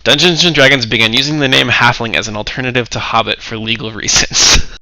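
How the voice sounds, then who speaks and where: A man running a tabletop game, narrating and explaining in a casual way. His voice is very bright and sharp, recorded dry and close. He sounds easygoing. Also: medium pitch, steady tone, brisk, dry recording, low-quality recording. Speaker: game master.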